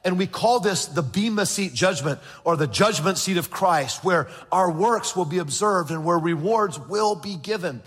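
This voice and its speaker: A husky male pastor preaching in a church sanctuary, reading scripture and briefly acting out the people in his stories. His voice sits somewhat high, and it rings with the long reverb of a large hall. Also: animated, moderate pace, few pauses, a bit bright. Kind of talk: sermon.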